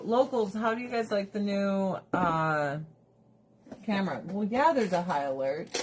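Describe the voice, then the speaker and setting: A woman hosts a casual livestream, running through her skincare routine while she talks. She is blunt and profane and often laughs, and her voice sits at an ordinary middle pitch. A faint hum of room ambience sits beneath her. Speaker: livestream host.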